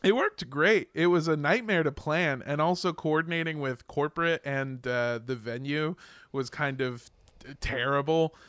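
A man's voice: on the high side, moderate pace, fairly bright tone, clean tone, no echo, studio quality. A young man chatting casually on a podcast, telling rambling anecdotes, laughing often and swearing casually. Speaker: podcast guest. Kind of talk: casual chat.

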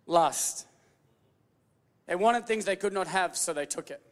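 A man preaching a sermon as pastor, animated and playful, calling out to the congregation and slipping into mock voices. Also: high voice, unhurried, in a large hall.

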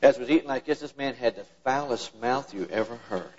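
An older man preaches in a folksy, plain-spoken way, telling stories about his father and acting out his father's words. His husky voice is medium pitch and a little fast. The church recording is dull and lo-fi.

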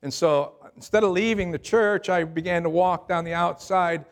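A man's voice: high-pitched, fairly even intonation, normal speed. An older man, a pastor, preaching a sermon and telling his own story in a conversational way, often repeating his words as he starts a sentence. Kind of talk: sermon with personal testimony.

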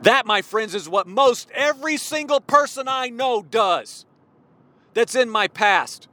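A man in his forties preaching a fervent, worked-up sermon, at times yelling. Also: very high-pitched, expressive, measured pace. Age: 40s. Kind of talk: impassioned sermon.

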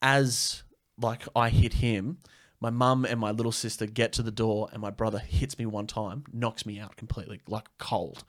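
A man's voice: on the low side, little pitch movement, moderate pace, no echo, clean studio sound. A young man telling a story in casual chat, full of swearing and filler words.

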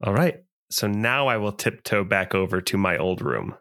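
A man's voice: on the low side, big pitch swings, normal speed, a bit bright. A man playing in a tabletop game, hesitant, thinking aloud as he plans. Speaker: player. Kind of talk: casual tabletop play.

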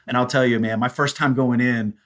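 A man telling stories as a podcast guest, animated and acting out the voices of people he quotes. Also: mid-range voice, fairly quick. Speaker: guest, prison ministry volunteer. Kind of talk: storytelling in a podcast interview.

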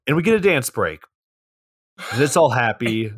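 A man's voice: mid-range voice, big pitch swings, normal speed, breathy edge, no echo. A man co-hosting a podcast, retelling a film plot in laid-back casual chat and swearing freely. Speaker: podcast co-host.

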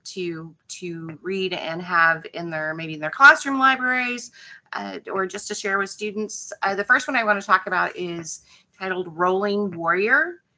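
An older woman, a retired school librarian, eagerly recommending books on a podcast and pausing to gather her thoughts. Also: fairly low pitch, bright, forceful tone. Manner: eager, thinking aloud with pauses.

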